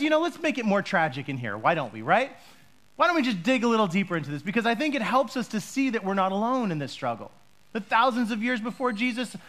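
High-voiced man preaching a lively sermon. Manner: conversational, joking with the congregation, rising to shouts on key points. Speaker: pastor.

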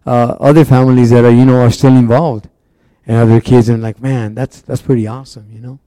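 A man's voice: mid-range voice, flat delivery, a little fast, mellow, no room sound, studio quality. A man preaching a casual, conversational sermon, rambling through stories with plenty of "you know"s and restarts. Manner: loose storytelling with many fillers and restarts.

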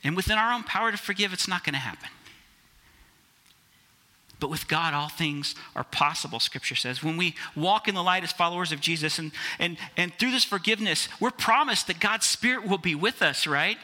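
Male pastor, conversational sermon delivery, fairly high, very bright tone. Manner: conversational, addresses listeners as guys.

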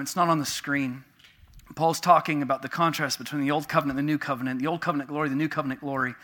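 A man preaching a sermon with passion, moving between loud emphatic lines and quiet personal asides. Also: on the high side.

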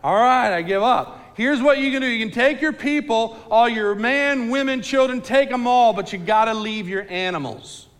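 A man's voice: extremely high pitch, moderate pace, few pauses, fairly bright tone, voice pushed up. A man voicing a stubborn king who bargains and gives in grudgingly, in a casual storytelling way. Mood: relenting. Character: stubborn grudging male king, giving in bit by bit.

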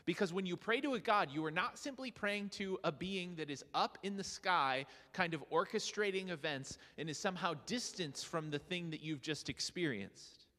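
A man preaching a sermon as pastor, earnest and animated, often asking his listeners rhetorical questions. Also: sits high, normal speed, hardly any pauses, long reverb tail.

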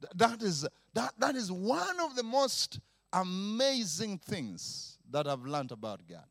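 A middle-aged man delivers a playful, animated sermon, acting out noises and laughing between points. His voice sits high and leaps all over the place. The sound is dry and close. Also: vocal fry, dry recording. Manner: animated, mimics sounds, laughs often, drawn-out repetitions. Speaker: preacher. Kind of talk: lively sermon.

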